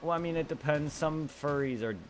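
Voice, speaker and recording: A man hosting a gaming stream, talking in a casual, halting way full of fillers. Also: a little high, a loud crowd.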